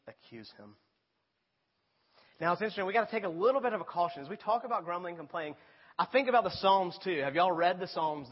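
A pastor preaching to his congregation in a fairly high, husky voice. He talks plainly and rises to emphatic appeals. The sound is dull and carries a long reverb from a large hall. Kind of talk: sermon.

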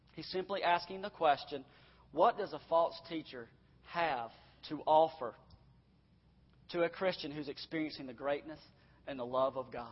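A man's voice: fairly high pitch, moderate pace, husky. A man in his thirties preaching a sermon as pastor, repeating phrases and rising to emphatic, urgent pleading. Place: church hall. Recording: echoey hall, dull lo-fi sound.

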